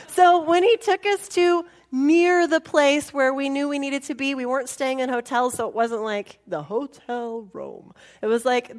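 A woman with a fairly high voice tells a travel story in a relaxed, animated way. She laughs often and imitates the people she meets. At times she drops into quiet, half-whispered asides. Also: normal speed. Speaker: speaker telling a travel story. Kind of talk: casual storytelling talk.

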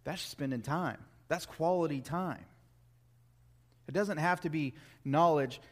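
A man's voice: on the high side, takes it slowly. A man, a youth pastor, preaching a sermon in an earnest, emphatic way, repeating key phrases.

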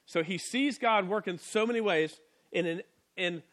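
A pastor with a fairly high voice gives a sermon in a loose, conversational way at normal speed. He stays animated and lively, slipping into little character voices as he retells the story.

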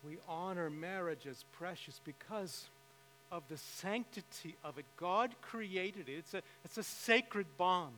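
A man's voice: high voice, measured pace, bright, forceful tone. A middle-aged man preaching a sermon as pastor, telling a story with emphatic rises in voice. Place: church sanctuary. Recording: reverberant hall with faint mains hum.

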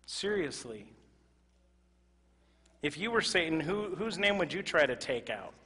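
A male pastor preaching a sermon to his congregation, moving from loud emphatic exclamations to quiet, earnest asides. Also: a little high, very animated, measured pace, husky. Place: church sanctuary. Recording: reverberant church hall.

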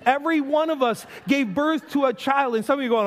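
A man preaching a sermon as pastor, animated and playful, slipping into quick quoted voices. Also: very high voice, long reverb tail.

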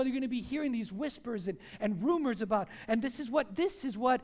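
A man's voice: extremely high pitch, animated, a little fast, few pauses, darkish tone. A man preaching a sermon to his church congregation, speaking emphatically and repeating his key lines. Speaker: pastor. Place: church service before a congregation.

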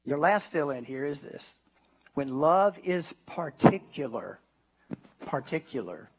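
A man pastor delivering a sermon, swinging from emphatic declarations to hushed, tender asides. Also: fairly high pitch, big pitch swings, slow pace.

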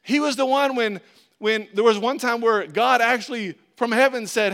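A man preaching a sermon as a pastor, in a conversational, animated way with frequent restarts. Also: very high-pitched, moderate pace.

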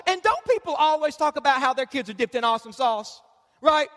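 A man preaching as a pastor, lively and conversational, often putting on the voices of the people he quotes. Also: very high voice, fairly quick, in a large hall. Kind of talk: sermon. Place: church.

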